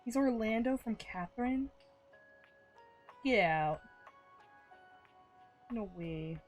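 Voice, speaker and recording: A woman streaming a game live, reacting excitably with swearing, shouts and laughs. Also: a little high, slow, soft background music.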